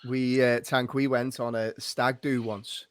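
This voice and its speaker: Chatty podcast host. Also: male voice, mid-range voice, little pitch movement, unhurried, smooth, dry recording, clean studio sound. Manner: chatty, jokey, leads the talk. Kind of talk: casual chat.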